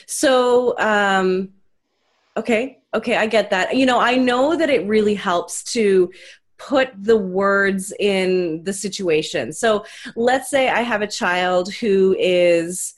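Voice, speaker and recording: A woman's voice: mid-range voice, slow pace. A woman hosting a parenting podcast, chatting casually and asking follow-up questions to check she understands. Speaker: podcast host. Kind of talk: podcast interview.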